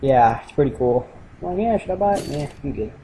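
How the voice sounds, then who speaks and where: A man's voice: medium pitch, lively intonation, brisk, dark tone, a little hiss or hum, rough recording. A young man giving casual, joking let's-play commentary, rambling and sarcastic. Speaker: gamer commentating a playthrough.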